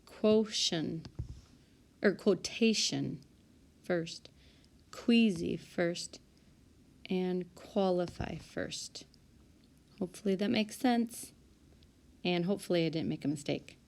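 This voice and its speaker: Slow, low-voiced woman teacher. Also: gravelly. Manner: calm, methodical, corrects herself aloud. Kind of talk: recorded spelling lesson walkthrough. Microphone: tablet microphone.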